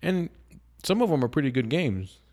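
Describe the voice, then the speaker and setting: A man's voice: on the high side, very animated, normal speed, warm tone. A man telling a personal story as a podcast guest, casual and profane, with lots of restarts. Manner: profane, rambling, with frequent restarts.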